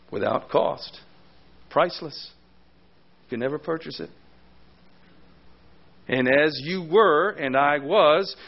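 A man's voice: fairly high pitch, muffled recording. An older man pastor preaching a sermon, often asking rhetorical questions of his listeners.

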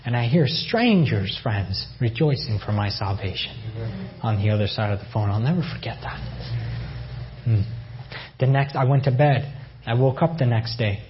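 A man's voice: mid-range voice, expressive, normal speed. Guy from iran sharing his faith testimony, earnest and emotional, kinda muffled dull audio with a little hiss. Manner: earnest, emotional storytelling with repeated phrases. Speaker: testimony speaker.

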